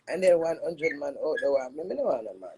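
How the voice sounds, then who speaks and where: A Jamaican woman with a gravelly, husky voice, airing a heated complaint about her marriage in an emphatic, repetitive monologue that mixes patois and English. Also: low voice, mellow. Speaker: dancehall personality airing a marital dispute.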